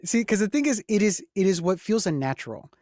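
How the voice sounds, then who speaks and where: A man's voice: high-pitched, very animated, quick pace, a little mellow, dry recording, studio quality. A young adult man from the Texas-Mexico border hosting a casual conversation, talking earnestly and reflectively and putting questions to his guests. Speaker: host.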